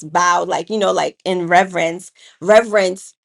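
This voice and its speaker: A woman with a lowish voice co-hosts a relaxed chat, telling stories from her classroom. She shifts from calm and measured to loud and animated when a point gets argued. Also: gravelly. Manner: storytelling, grows animated and loud when arguing. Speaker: co-host and educator. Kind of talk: casual podcast chat.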